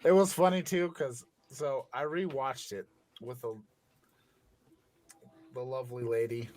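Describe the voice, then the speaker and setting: A man hosting a casual comedy podcast who talks in animated, joking bursts. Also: medium pitch, measured pace. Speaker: podcast host.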